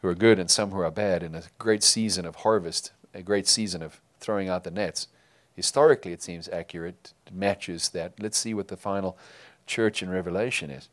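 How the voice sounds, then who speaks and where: A man preaching a sermon to his congregation, emphatic, rising loud and falling quiet. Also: sits low, brisk, few pauses. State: tearful while reading scripture. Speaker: pastor.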